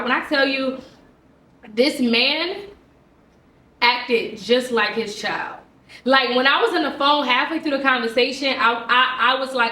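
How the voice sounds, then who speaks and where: A woman speaking with a bright, high voice that sounds forceful and sharp. She tells a classroom story with lively, expressive delivery. The recording sounds roomy, with the mic set back from her. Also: measured pace, recorded from a distance. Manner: animated, expressive, quoting herself and others. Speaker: teacher. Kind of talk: casual storytelling to camera.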